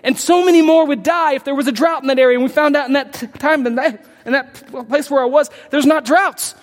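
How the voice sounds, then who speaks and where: High-voiced young man preaching in a hall. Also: a little fast. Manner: impassioned storytelling, rising to near shouts. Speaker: pastor. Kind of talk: sermon. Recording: reverberant hall.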